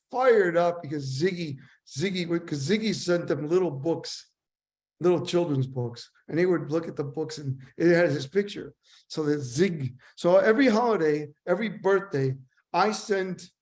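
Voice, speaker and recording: Here a sales trainer, an older guest with a somewhat high male voice, drifts through loose anecdotes. He keeps breaking into vivid impressions of the characters in his stories, keeping things casual and animated.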